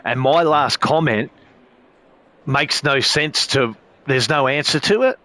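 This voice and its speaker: A man's voice: medium pitch, slow pace, bright, forceful tone. A man chatting casually as a sim racing streamer, rambling with heavy swearing and frequent filler phrases. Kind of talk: casual chat.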